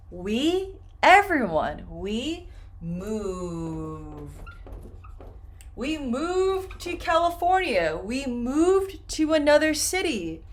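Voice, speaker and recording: A woman teaching English pronunciation, repeating each word slowly and clearly for her students. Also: mid-range voice, a bit bright. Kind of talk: slow, deliberate pronunciation lesson.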